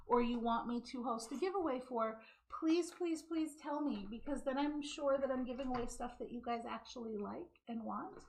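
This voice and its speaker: A woman hosts a casual live craft show from home, talking straight into her camera with a slightly high voice. She chats, laughs easily and speeds up when she gets excited, then slows down to demonstrate a knitting stitch. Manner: chatty, laughing, hyper and fast when excited. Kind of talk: casual live-stream chat and knitting demo. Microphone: camera mic.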